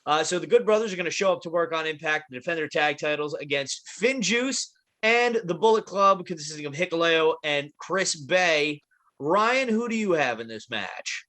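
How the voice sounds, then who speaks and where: A man's voice: a little high, expressive, moderate pace, bright, forceful tone. A man hosting a casual wrestling prediction podcast, calling on each co-host in turn. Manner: leads the talk, calls on each co-host.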